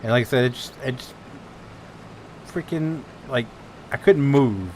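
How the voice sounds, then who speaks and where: A man's voice: mid-range voice, unhurried, slight background noise. A man in casual chat who laughs often and riffs jokes onto a story.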